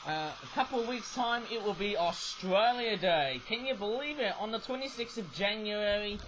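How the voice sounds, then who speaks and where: A man with a high voice reviews toys casually on his own channel, recorded roughly through a webcam with slight background noise. He rambles and keeps tacking "though, eh?" onto his sentences.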